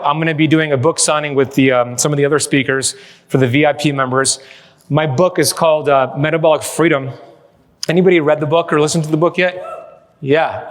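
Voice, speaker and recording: Guy doing a keynote on stage, kinda high voice, jokey storyteller, big echoey hall sound. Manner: energetic, joking storyteller. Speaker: keynote speaker. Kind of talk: live keynote presentation. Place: large hall with live audience.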